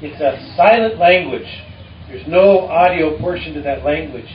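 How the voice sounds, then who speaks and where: A man teaching a live audience in a relaxed way, speaking haltingly with many fillers and dry jokes. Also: a little high, slight background noise. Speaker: musician and storyteller addressing an audience. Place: live performance before an audience. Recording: distant, roomy and dull with faint ambience.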